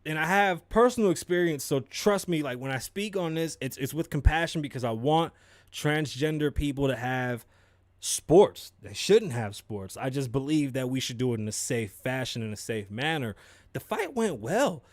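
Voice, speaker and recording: A young man hosting a podcast, giving animated, profane sports commentary and mocking people in put-on voices. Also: medium pitch, normal speed, no echo, clean studio sound. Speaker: podcast host. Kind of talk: casual commentary.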